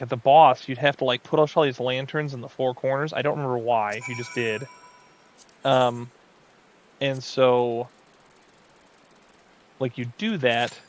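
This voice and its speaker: A man's voice: medium pitch, slight background noise. A man giving casual, rambling commentary while playing an online game, full of fillers and asides. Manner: rambling, chatty, many fillers. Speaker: gaming video host.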